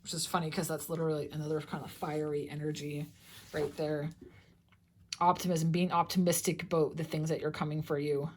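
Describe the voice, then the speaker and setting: A woman's voice: deep voice, flat delivery, fairly quick, slight background noise. A young woman giving a casual tarot reading, chatty and loose, swearing freely and restarting her sentences often. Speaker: tarot reader.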